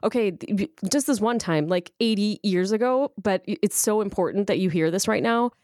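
A woman's voice: mid-range voice, a little fast, a little mellow, dry recording, clean studio sound. A woman host who talks expressively and laughs often while demonstrating role-plays in a conversation.

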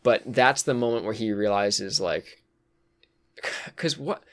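A man's voice: fairly low pitch, slow. A man in casual chat, thinking aloud about a game's story, with frequent fillers and sighs. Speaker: co-host discussing a video game.

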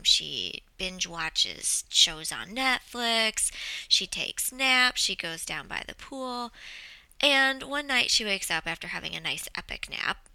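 A woman telling a story in a lively, dramatic way, summarizing a book and then reading from it. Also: mid-range voice, no room sound, low-quality recording. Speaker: book presenter.

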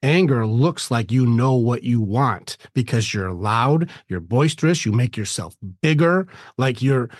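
A man's voice: mid-range voice, animated, a little slow, few pauses, no echo, studio quality. A man hosting a podcast, talking emphatically in casual conversation and acting out quotes in mock voices. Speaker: podcast host.

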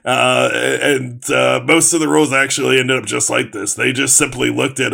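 Podcast co-host, male, gravelly and bright, sarcastic rambler. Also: medium pitch, fairly even intonation, moderate pace, few pauses. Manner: rambling, sarcastic, lots of fillers. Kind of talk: casual sports chat.

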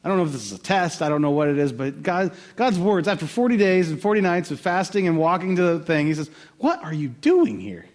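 A man preaching a sermon in a conversational, animated way, with quick asides to the listeners. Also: fairly high pitch. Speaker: pastor.

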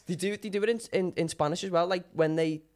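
A fast-talking man co-hosting a casual podcast, tripping over his words as he rushes ahead. His voice sits a little high for a man. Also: fairly even intonation, darkish tone. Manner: rapid, stumbling restarts, swears freely. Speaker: podcast co-host. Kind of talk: casual chat.

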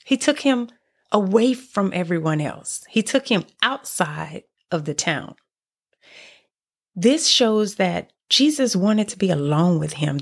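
Woman podcast host, lower pitch, earnest devotional storyteller. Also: vocal fry, slightly rough. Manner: earnest, expressive storytelling with many restarts. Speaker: podcast host teaching on faith. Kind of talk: devotional teaching monologue.

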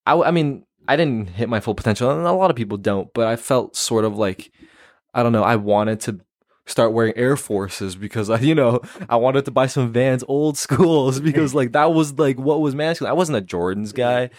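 A man's voice: mid-range voice, moderate pace, no echo, studio quality. A young man, a podcast guest, chatting casually and hedging his words with many restarts. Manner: hesitant, hedging, restarts a lot.

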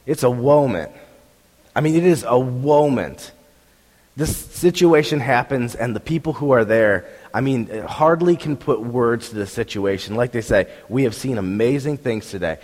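Young male pastor, sore-throat hoarseness, lively storytelling sermon, long hall echo. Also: mid-range voice. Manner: animated storytelling, acts out crowd reactions. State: voice roughened by strep throat. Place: church hall.

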